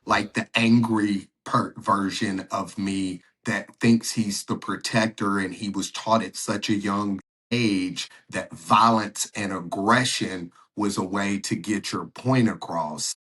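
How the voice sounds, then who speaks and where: A man hosting a podcast who listens with steady encouragement and thinks aloud when he shares his own view. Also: on the low side, slow, husky. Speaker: podcast host. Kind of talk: casual podcast conversation.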